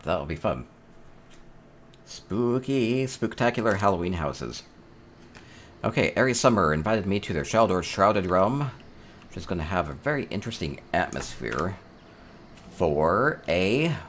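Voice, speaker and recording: A deep-voiced man with a slightly bright tone gives casual gameplay commentary, showing viewers around player homes. He's upbeat, thinking aloud as he goes and chuckling softly.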